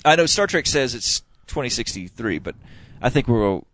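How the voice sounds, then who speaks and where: A man's voice: mid-range voice, big pitch swings, moderate pace, a bit bright. A man co-hosting a podcast, chatting casually in a rambling, joking way with some swearing. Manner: rambling, jokey, profane. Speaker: podcast co-host. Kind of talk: casual chat.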